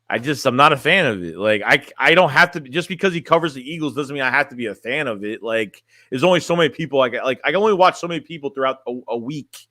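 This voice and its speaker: A man with a sharp-toned, mid-range voice talks bluntly on his livestream as a sports fan streamer. Reading the chat as he goes, he rambles and keeps restarting phrases, in a dry, studio-quality recording.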